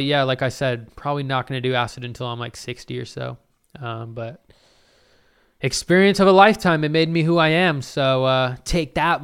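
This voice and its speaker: A young man answering viewer questions in a casual vlog, swearing freely and talking in animated, exclamatory bursts full of fillers. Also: mid-range voice, clear, resonant tone. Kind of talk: casual Q&A storytelling.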